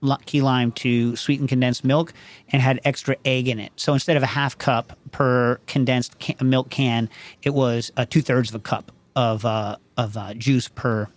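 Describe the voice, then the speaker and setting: A man's voice: mid-range voice, steady tone, normal speed. A man hosting a casual call-in show, rambling and digressive, constantly asking "you know what I mean" as he talks. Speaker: show host.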